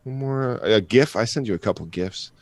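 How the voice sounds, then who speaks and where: A low-pitched man co-hosting a podcast in loose, profane banter, often breaking into laughs while he tells stories. His voice is recorded close and dry, with no room echo. He sounds like a man in middle age. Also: lively intonation, fairly quick. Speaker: podcast co-host. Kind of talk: casual chat.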